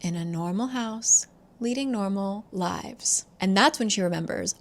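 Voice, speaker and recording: A woman's voice: medium pitch, measured pace. A woman casually retelling a thriller's plot as a book channel host, chatty and full of "like". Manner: chatty, fillers like "like", acts out quoted lines.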